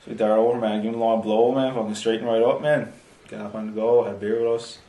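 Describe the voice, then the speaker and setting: An actor with a Newfoundland accent playing a blunt, profane small-town buddy, talking in clipped slang. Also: male voice, lowish voice, steady tone, fast talker, mellow, lightly acted. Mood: gruff. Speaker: mockumentary interviewee. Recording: roomy echo, distant mic, faint hiss.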